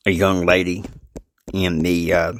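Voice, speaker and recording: A man's voice: low voice, little pitch movement, measured pace, slight background noise, poor audio. A man casually narrating a homemade family story, rambling with many fillers and laughs.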